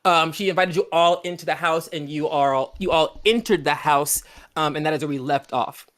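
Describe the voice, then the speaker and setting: Casual game master full of ums. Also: male voice, on the high side, moderate pace, a bit bright. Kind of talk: narrating a tabletop game.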